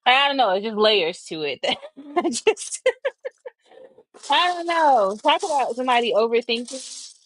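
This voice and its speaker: A young adult woman hosting a casual livestream, chatty, thinking aloud and laughing often, a little breathy from asthma. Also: a little high, sing-song, measured pace, pauses often, a little hiss or hum. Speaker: livestream host.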